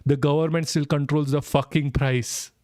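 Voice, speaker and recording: A young man from India hosts a live stream, reading headlines aloud and tearing into them with sarcasm and frequent swearing. His voice sits a little high for a man. The recording is dry and close, with no room sound. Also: fairly even intonation, normal speed, a little mellow, dry recording. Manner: sarcastic, swearing, laughing in disbelief. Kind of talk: live-stream commentary reacting to news.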